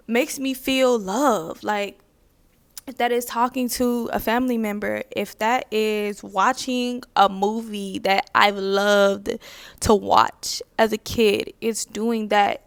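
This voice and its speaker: A young woman talking softly and openly about healing to her viewers, confiding and full of fillers. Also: fairly high pitch, gravelly, clean tone, no echo. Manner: soft-spoken, confiding, many "like" and "you know" fillers. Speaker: spiritual vlogger. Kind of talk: heartfelt personal talk to camera.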